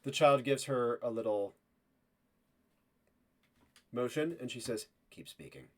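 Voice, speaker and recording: A man's voice: medium pitch, slow. A man narrating as game master of a tabletop role-play, in a casual, filler-heavy way.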